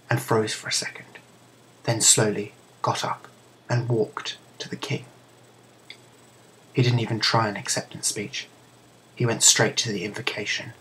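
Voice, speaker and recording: A man with a British accent narrating a comedic story in a soothing, mock-grand deadpan way. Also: mid-range voice, husky, poor audio.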